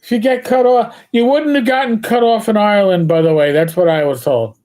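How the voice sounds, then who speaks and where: An older man with a high-pitched, slightly mellow voice speaks fairly quickly while hosting a live stream. In easy, casual chat, he tells joking, profane stories full of restarts.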